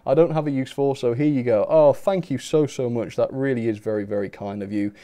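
A young man speaks briskly in a mellow mid-range voice with a steady tone while hosting a model railway livestream. He keeps it casual and chatty with his audience, giggling, making fun of himself and reading chat messages aloud.

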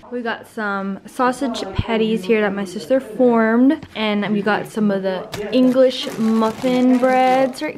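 A young woman chatting casually to camera in a family vlog, upbeat and full of filler words. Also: a little high. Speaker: vlogger.

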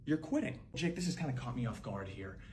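A young man performing one-man comedy sketches, switching between sarcastic, shouting and soft-spoken characters. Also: medium pitch, big pitch swings, brisk, noisy background.

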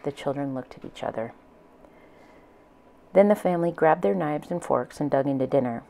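Low-voiced woman reading a storybook. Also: expressive, moderate pace, gravelly, dark tone, poor audio. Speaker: audiobook reader. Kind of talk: reading a children's novel aloud.

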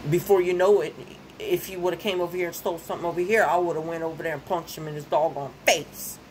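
A woman's voice: fairly low pitch, fairly even intonation, quick pace, a little hiss or hum, rough recording. A young woman, venting in a casual vlog. She rants, repeats phrases and gets herself worked up. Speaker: vlogger.

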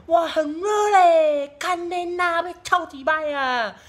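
A woman voicing a shrill, flustered auntie character with a Singaporean accent, shouting and whining, heard from a distance. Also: takes it slowly. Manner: shouting, exaggerated, whiny.

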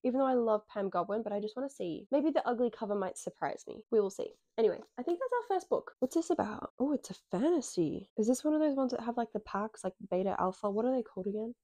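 Australian woman vlogger, nasal from a cold, warm tone, excitable and casual. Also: fairly high pitch, fast talker, few pauses, dry recording. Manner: chatty, excitable, swears casually. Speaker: book vlogger. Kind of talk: casual chat to camera. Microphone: dedicated microphone close up.

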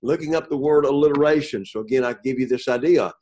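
Man, Bible class teacher, mid-pitched voice, halting delivery, repeats words, asks class questions. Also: a little mellow. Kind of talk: classroom lecture with questions to students. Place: classroom with students.

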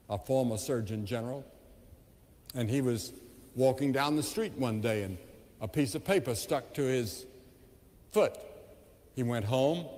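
Recorded at a big evening crusade venue with long reverb, a mid-range male evangelist preaches. His storytelling swings between impassioned surges and hushed lows.

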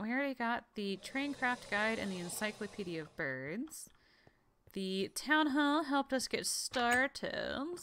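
Lively, bright-voiced woman chatting through gameplay. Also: mid-range voice, slight background noise. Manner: chatty, talks to game characters, sometimes whispers asides. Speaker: game video host. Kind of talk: casual gameplay commentary.

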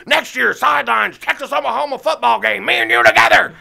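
A man doing an impression of an excitable, eccentric older male celebrity who shouts his lines. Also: a little fast, vocal fry, heavily acted. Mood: excited shouting. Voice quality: shouting, booming.

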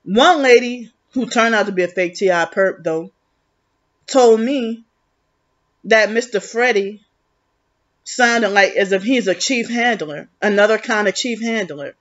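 A woman's voice: medium pitch, a little slow. A woman vlogging in a rambling, agitated, accusatory monologue, full of restarts. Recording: muffled lo-fi recording.

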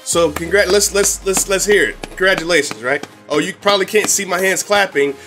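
A man hosting his own video channel, talking excitably and casually to camera with frequent laughs. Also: sits high, brisk, soft background music. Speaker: YouTube host. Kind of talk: casual vlog talk to camera.

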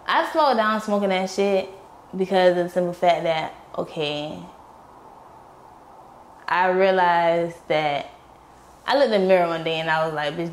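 A young woman speaks with a slightly low voice, blunt and full of swearing as she recounts her past. She acts out the people in her story as she goes. A faint hum of ambient noise sits under the recording. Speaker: interview guest. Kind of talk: candid storytelling.

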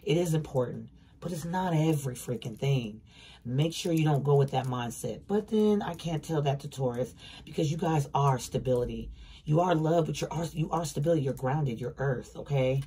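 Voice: mid-range voice, normal speed, mellow, slight background noise. A tarot reader giving a casual, emphatic reading, repeating words for stress and swearing bluntly. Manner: emphatic, repetitive, blunt and profane.

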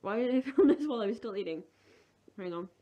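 A woman's voice: a little high, animated, fast talker, highs cut off. A young woman with a sore throat, chatting casually and rambling through her plans in a home vlog. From England. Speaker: vlogger. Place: at home, indoors.

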